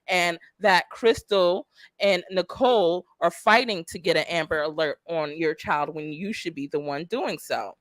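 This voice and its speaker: Low-voiced woman hosting a crime livestream. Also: a bit bright, no echo. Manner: chatty, laughs often, talks straight to viewers. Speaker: host of a true crime livestream. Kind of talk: casual livestream commentary.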